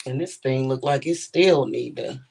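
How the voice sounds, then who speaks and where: A woman, ranting to camera in a casual vlog, blunt and animated, with profane slang. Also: a bass voice, normal speed, vocal fry, husky. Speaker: vlogger.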